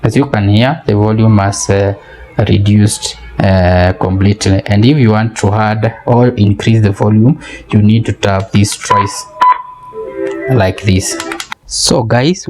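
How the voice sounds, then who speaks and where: Hesitant low-voiced man demoing a gadget. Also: darkish tone. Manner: hesitant, repeats words while explaining step by step. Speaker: product reviewer. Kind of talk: casual product demo and review. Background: faint music playing.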